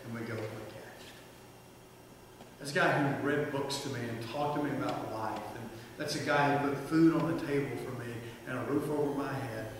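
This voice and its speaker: A man in a big church hall tells a funny personal story and keeps turning to ask the crowd questions. His voice sits at an ordinary middle pitch and carries a long, ringing echo. He is heard from across the room over a steady hum of background noise. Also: moderate pace, far from the mic. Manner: humorous, anecdotal, addresses the audience directly. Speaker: church speaker.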